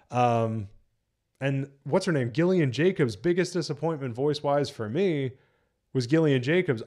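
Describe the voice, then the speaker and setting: A young man from New Jersey casually reviewing on a live stream, animated, swearing and laughing often. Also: mid-range voice.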